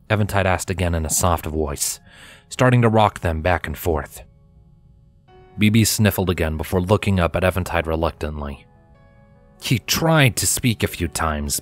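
A man reading a fanfiction story aloud in an expressive storytelling manner. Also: low-pitched. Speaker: fanfiction reader. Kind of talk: audiobook narration.

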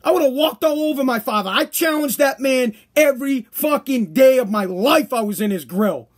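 A man's voice: very high voice, animated, moderate pace. A man hosting a solo podcast, delivering a heated, profane monologue and acting out the people he quotes. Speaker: podcast host.

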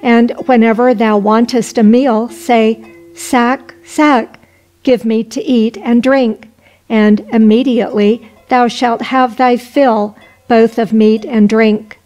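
A woman reading the lines of a stern male giant who is the wind, in measured, old-fashioned formal speech. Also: fairly high pitch, fairly even intonation, a little mellow, poor audio. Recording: faint music underneath.

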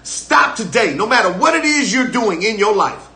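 A man's voice: high-pitched, very animated, moderate pace, sharp tone, echoey room, faint music behind. An older man preaching a live-streamed sermon as pastor, fervent and repetitive, calling on listeners to respond.

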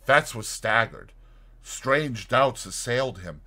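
A man reading a short story aloud as audiobook narrator, in a dramatic and expressive scripted narration. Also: medium pitch, slow.

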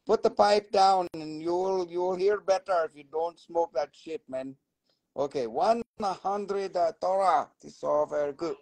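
Middle-aged male live-stream seller, raspy fry in the voice, rambling and foul-mouthed. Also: a little high, steady tone, moderate pace, hardly any pauses, darkish tone, no echo, rough recording. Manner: rambling and profane, swearing often. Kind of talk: casual live sales stream.

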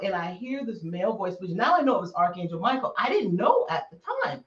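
A woman guest tells her story with a bright, lively voice that swoops up and down, laughing as she goes. She sounds far from the mic in an echoey room, and the audio is a little dull. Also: on the high side, moderate pace. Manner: animated storyteller, laughs often. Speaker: psychic guest. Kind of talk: casual interview chat. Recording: distant roomy remote call audio.

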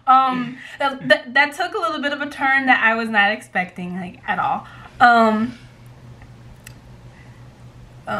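Bright, high-voiced young woman vlogger. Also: expressive, normal speed, slight background noise. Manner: chatty, giggly, lots of "like". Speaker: vlogger pranking her best friend. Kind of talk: casual chat to camera.

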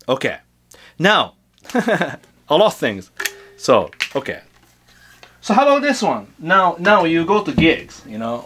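A man's voice: fairly high pitch, a bit bright. A man teaching guitar tricks in a casual, unedited way, chatty and full of fillers and restarts.

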